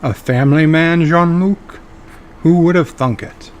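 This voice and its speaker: A man's voice: fairly high pitch, measured pace, voice pushed up, close to an everyday voice. A man voicing a smug, omnipotent male trickster who talks in teasing riddles.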